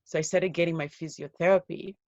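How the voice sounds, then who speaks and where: A woman giving an interview as a guest, telling her own life story in an earnest, steady way. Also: lowish voice, a little fast, no echo, highs cut off. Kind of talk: personal story told in an interview.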